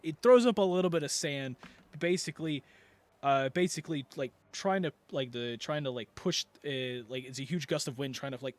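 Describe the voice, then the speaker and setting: A man narrating a tabletop game as game master, rambling through the scene with many fillers and restarts. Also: mid-range voice.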